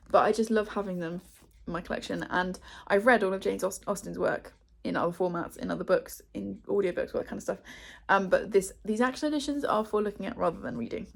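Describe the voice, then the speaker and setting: A woman's voice: medium pitch, gravelly. A young woman from England chatting to camera, with a chatty, self-deprecating manner and many fillers. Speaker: booktuber. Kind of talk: casual chat to camera.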